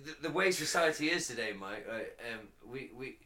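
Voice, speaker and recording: Man, British, tipsy, slurring, animated, bright voice, living room. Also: medium pitch, moderate pace. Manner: animated, laughs often, trails off quietly. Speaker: podcast co-host. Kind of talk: casual chat.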